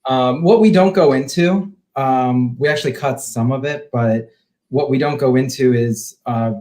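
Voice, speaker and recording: A man, an independent filmmaker, telling stories in a relaxed, rambling way as a podcast guest. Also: medium pitch, moderate pace. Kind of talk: casual interview chat.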